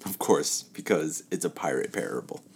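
Low-voiced man telling a parable. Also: lively intonation, moderate pace, vocal fry, darkish tone, slight background noise. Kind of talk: casual spoken parable for listeners.

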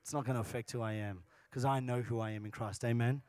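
A man preaching a sermon as pastor, moving between casual, joking asides and loud, passionate bursts. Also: medium pitch, steady tone, quick pace, no room sound. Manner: swings from quiet talk to loud, passionate preaching.

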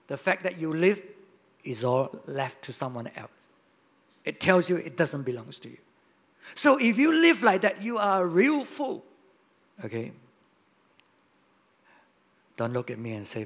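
Guy preaching, loud punchy stresses then quiet asides, fairly high voice. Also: animated, a little slow, pauses often. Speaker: pastor. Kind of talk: sermon.

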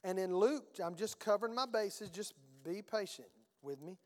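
A man's voice: high voice, expressive, normal speed, in a large hall. A male pastor preaching a sermon in a conversational, emphatic way, with rhetorical questions and folksy phrasing.

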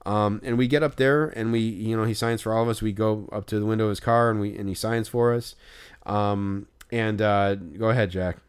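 Smooth-voiced man telling a rambling story. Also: lowish voice, moderate pace. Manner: animated retelling with loud acted-out quotes and filler "like". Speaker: podcast co-host. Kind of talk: casual storytelling chat.

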